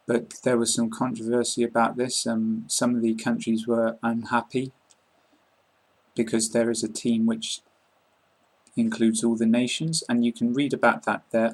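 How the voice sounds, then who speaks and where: A British man with a husky edge to his voice, teaching an online English lesson. He speaks in a flat, even tone and explains things calmly and clearly. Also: fairly low pitch, rough recording.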